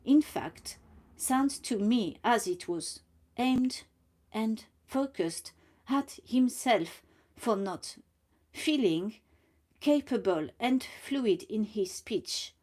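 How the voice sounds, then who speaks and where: A woman talking casually and slowly about her own speech, with mucus in her throat and a blocked nose, stumbling over words and often dropping to a whisper. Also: on the high side, lively intonation, darkish tone. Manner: slow and deliberate, often drops to a whisper. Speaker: vlogger. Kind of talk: casual personal monologue.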